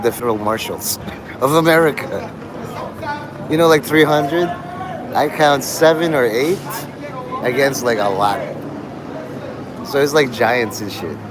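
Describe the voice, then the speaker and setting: A man's voice: medium pitch, background noise. A man live-streaming outdoors on a city street, chatting in a rambling, meandering way and laughing often between thoughts. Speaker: livestreamer.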